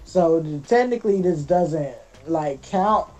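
A man's voice: a little high, lively intonation, slow pace, a little mellow, soft background music. A young man co-hosting a podcast in casual chat, rambling with lots of fillers and restarts. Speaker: podcast co-host.

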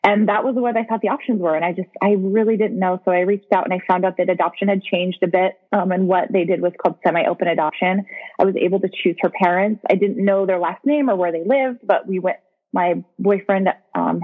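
Frank, husky-voiced woman guest recounting her life over a tinny line. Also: lowish voice. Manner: frank, blunt, with occasional swearing. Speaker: podcast guest. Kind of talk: candid personal storytelling in conversation.

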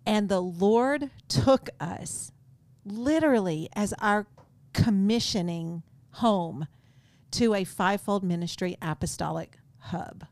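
Woman, podcast co-host, steady explaining, medium pitch, dry sound. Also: slow, dry recording. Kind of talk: casual faith podcast chat.

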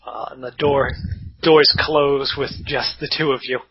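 A man's voice: mid-range voice, fairly even intonation, unhurried, vocal fry, breathy edge. A man narrating as game master in a laid-back, joking way, with casual swearing. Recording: dull lo-fi audio.

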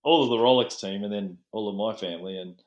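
A man in a relaxed podcast conversation, a watchmaker talking about his work. He rambles in a friendly, self-deprecating way, with a voice that sits on the low side. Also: fast talker, highs cut off. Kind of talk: casual chat.

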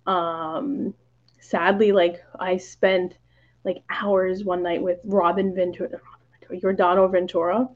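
A woman's voice: on the low side, level tone, slow pace, muffled recording. A woman guest on a podcast, telling stories in casual chat, full of "like" fillers and acted-out quotes. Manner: chatty, many "like" fillers, acts out quoted lines.

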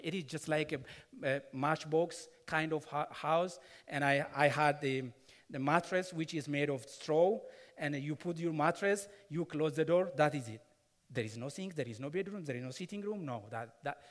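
A man preaching a sermon, telling a personal story earnestly, repeating words and adding asides. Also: a little high. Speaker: pastor. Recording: long hall reverb.

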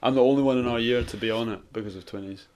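A man's voice: mid-range voice, very fast, noisy background. Tipsy Scottish man, mixed accent. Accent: mixed Scottish, slightly posh Glaswegian. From Scotland. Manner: self-mocking, laughs easily, sweary banter. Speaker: podcast co-host. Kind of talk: casual chat.

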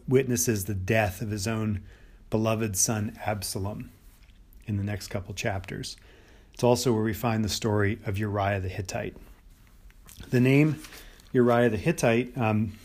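A middle-aged American man with a somewhat low, slightly mellow voice teaches on the Bible in a loose, unscripted podcast talk. He thinks aloud, with many restarts and fillers.

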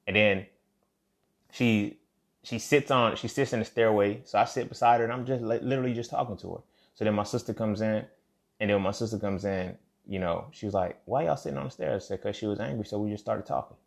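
A young podcast host talks briskly in a lowish, creaky voice. His monologue is loose and conversational, full of restarts and asides, with "you feel me" coming up again and again.

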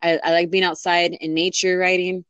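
A woman's voice: fairly low pitch, level tone, normal speed, a bit bright, smooth, no echo, muffled recording. A young woman in casual chat, rambling with lots of fillers and restarts. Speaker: interviewee.

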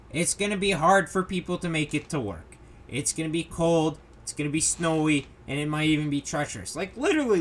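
A young man rants on his own podcast with a lively voice that swings up and down. He sits a little high for a man and talks in an exasperated, profane way, mocking the people he complains about. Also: slight background noise. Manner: exasperated ranting, swearing, mocking quoted people. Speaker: podcast host. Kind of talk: solo podcast rant.

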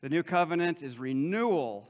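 Male pastor, higher-than-usual voice, relaxed conversational preaching, often checks in with the room. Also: normal speed, lo-fi sound. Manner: conversational, joking asides, frequent "okay?" checks. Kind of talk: sermon.

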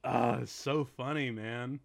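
A man co-hosting a casual chat about a film, laughing often and talking in halting bursts with lots of fillers. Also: medium pitch, fairly even intonation, vocal fry. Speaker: co-host reacting to a film.

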